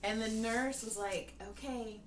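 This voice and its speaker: This podcast co-host chats casually about everyday happenings, laughing often in a giggly, storytelling way. She has a mid-range, fairly bright voice, animated and at normal speed. The sound is echoey and distant, with faint noise underneath.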